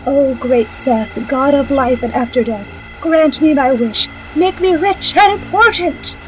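A woman's voice: high-pitched, measured pace, soft background music, pitched above the performer's own voice, rough recording. A woman playing a scornful, greedy wife. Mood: pleading. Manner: contemptuous, sharp. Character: greedy, scornful young wife turned priestess.

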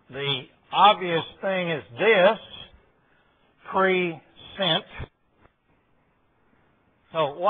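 Folksy pastor, tinny audio. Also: male voice, on the high side, slightly rough. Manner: folksy storytelling, quoting conversations. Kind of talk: Bible study teaching.

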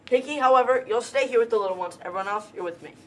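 A woman's voice: fairly high pitch, very fast, distant mic, slight background noise, lightly acted, rough recording. A young woman playing a bossy boy hunter who leads the others, in an amateur school drama reading. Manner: commanding, boastful.

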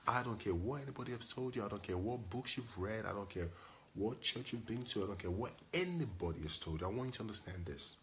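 Deep-voiced man preaching emphatically. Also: lively intonation, fast, slight background noise. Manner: emphatic, repetitive preaching with call-and-response questions. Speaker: pastor. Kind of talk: sermon.

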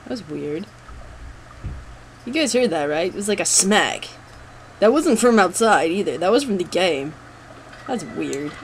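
A let's play host commentating a horror game, jumpy and nervous, groaning and gasping and coaxing the character to calm down. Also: mid-range voice, measured pace, pauses often, a little hiss or hum, low-quality recording.

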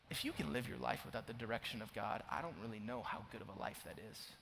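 A young man from Oklahoma preaching a sermon to young adults, swinging between loud urgent pleading and hushed, near-whispered confession. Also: medium pitch, fast talker, gravelly, few pauses. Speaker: youth pastor. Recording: long hall reverb, faint noise.

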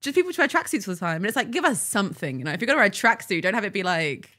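A woman's voice: medium pitch, very animated, pushed and bright. Giggly young woman chatting casually. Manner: giggly, chatty, quick with asides. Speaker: podcast guest. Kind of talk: casual chat.

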